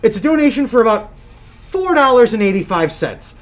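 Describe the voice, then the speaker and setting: A man co-hosts a live gaming podcast in loose, joking chat. His voice sits high and swings up and down a lot. He curses offhandedly and teases his co-host. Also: moderate pace, soft background music. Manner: animated, jokey, swears casually.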